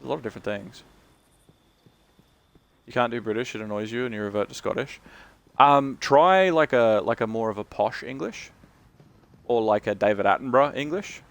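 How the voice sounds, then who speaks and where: A man's voice: medium pitch, moderate pace, long pauses, no echo. A man chatting casually on his game stream, sweary and talkative. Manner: chatty, sweary, talks about accents.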